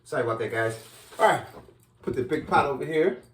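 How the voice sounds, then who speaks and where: Man, casual cooking-vlog host, excitable, very lively pitch, addresses viewers directly from a home kitchen. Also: fairly quick, over loud music. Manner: excitable, talks straight to viewers. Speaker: cooking vlogger.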